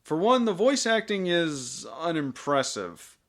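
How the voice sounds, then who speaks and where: A man's voice: on the high side, very animated, unhurried. A man hosting a scripted film review with sarcastic, jokey asides.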